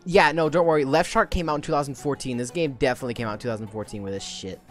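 A woman streaming a game, ranting loudly with heavy swearing and mock outrage. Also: extremely low pitch, racing, faint music behind. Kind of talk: casual gaming stream chat.

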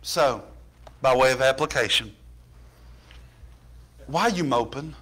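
A pastor preaching a sermon, building from plain storytelling to impassioned shouting in a church. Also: male voice, mid-range voice, lively intonation, measured pace.

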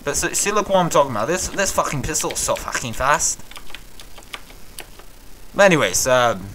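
A man's voice: fairly high pitch, very animated, normal speed, fairly bright tone, slight background noise. A young man hosting a casual gameplay commentary in a put-on British accent, rambling and swearing with frequent stammered restarts. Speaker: gaming channel host.

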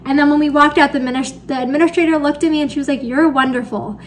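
A young woman teacher chatting excitedly in a casual vlog, with many "like"s. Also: high voice, fast, slight background noise. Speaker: teacher and vlogger.

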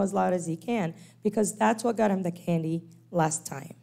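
Addressing church teachers on special needs children, a woman speaks at a normal pace in a gravelly, mid-range voice. She animatedly plays the parts of the parents and kids she quotes.

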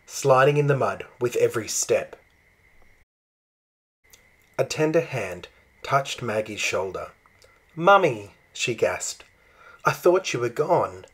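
A man reads a children's storybook aloud. His pace is slow and measured, and his voice has a slightly husky edge. He tells the story expressively, as a storyteller would. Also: mid-range voice. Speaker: storybook reader. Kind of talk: reading a children's picture book aloud.

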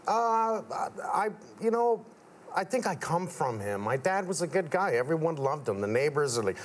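A man's voice: fairly high pitch, big pitch swings, moderate pace, a little hiss or hum. Man telling stories on a talk show. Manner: storytelling, acts out quotes of his father. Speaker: guest contractor. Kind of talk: casual talk show interview. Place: TV studio with audience.

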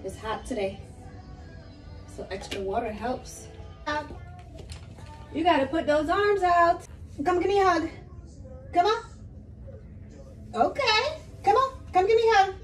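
A woman with a very high, bouncy voice that rises and falls freely as she coaxes her child along. She talks slowly and patiently, repeating short, encouraging cheers. Faint music plays underneath. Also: animated, reverberant. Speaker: mother vlogger. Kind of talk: coaching her young child through play.

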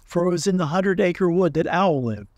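Man gently reading a storybook aloud. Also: high voice, lively intonation, a little fast, no room sound. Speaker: audiobook reader. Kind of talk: storybook narration.

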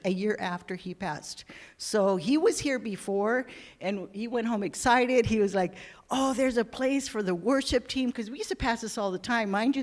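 Emotional woman sharing a church tribute. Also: on the high side. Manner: emotional, tearful at times, warm storytelling. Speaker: church member giving a tribute. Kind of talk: heartfelt spoken tribute.

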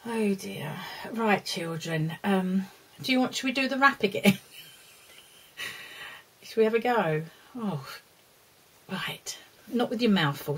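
Slow and animated, with long pauses, this woman's husky mid-range voice leads a kids' lesson. She addresses a puppet dog and the children affectionately, mixing laughs with scolding, over poor audio.

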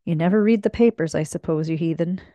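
A woman's voice: fairly low pitch, quick pace, mellow, no echo, close to an everyday voice. A woman voicing a clever, adventurous man in a read-aloud mystery, with a wry, self-assured delivery.

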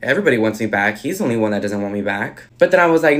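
Young male influencer, sassy and foul-mouthed, mid-pitched, casual vlog storytelling. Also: expressive, fast talker, few pauses, fairly bright tone. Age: young adult. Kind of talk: casual get-ready-with-me vlog.

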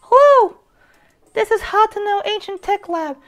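A man voicing a petite, chirpy female lab assistant in falsetto. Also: animated, a little slow, a bit bright, exaggerated voice.

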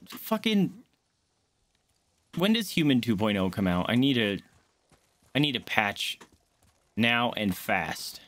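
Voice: mid-range voice, very animated, slow pace, pauses often, a bit bright, dry recording. A game streamer chatting casually on a live stream, often cooing baby talk at a pet dog between gameplay remarks.

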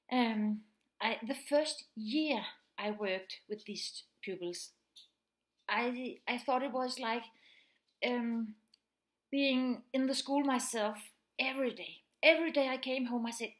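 Woman speaker, teacher, fairly high voice, earnest, explains plainly. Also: slow pace. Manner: earnest, explaining plainly, often acts out quoted speech. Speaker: teacher of pupils with autism. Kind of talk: spoken presentation.

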